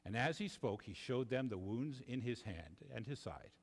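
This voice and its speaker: A man preaching a sermon, expressive, often dropping low and quiet for emphasis and repeating himself as he goes. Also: moderate pace, breathy edge, in a large hall. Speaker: pastor.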